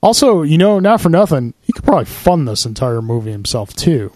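A man co-hosts a casual podcast about comics and films, talking fast and explaining story plots at length. His fairly high voice has a sing-song lilt and a darkish tone, with no room sound.

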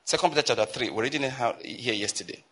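A Nigerian man preaching from the pulpit, his voice husky and a touch breathy. He drives his points home emphatically, climbing into urgent appeals and then stretching out key phrases slowly for weight. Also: medium pitch, expressive, a bit bright. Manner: emphatic preaching, rising to urgent exhortation and slowing to stress phrases. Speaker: pastor. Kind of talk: sermon.

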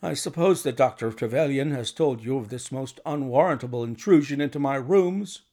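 A man's voice: mid-range voice, moderate pace, warm tone, close to an everyday voice. A man voicing a nervous, jumpy middle-aged man who talks in a jittery, pleading way.

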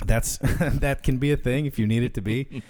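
A man's voice: mid-range voice, steady tone, moderate pace, darkish tone. A man hosting a podcast, talking casually with a jokey, self-deprecating manner into a studio mic. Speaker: podcast host and singer. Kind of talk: casual chat. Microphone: studio microphone with headphones.

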